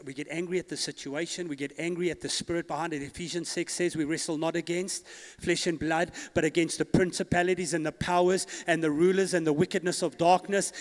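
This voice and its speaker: A pastor preaching a sermon, calling the congregation to respond and building to loud declarations. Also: male voice, sits high. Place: church hall. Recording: long church hall reverb.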